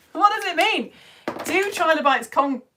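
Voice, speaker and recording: A woman with a very high, animated voice speaks at a slow pace with a sharp tone, over a little hiss or hum. With a British accent, she hosts a live online science lesson for home-educated children, reading chat messages aloud in a bubbly, chatty way and often laughing.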